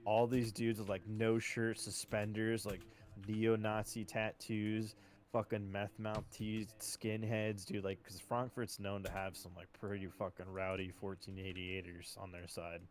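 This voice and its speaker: Laid-back, low-voiced young man rambling. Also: flat delivery, measured pace. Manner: rambling storyteller, heavy filler and swearing. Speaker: podcast co-host. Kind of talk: casual chat.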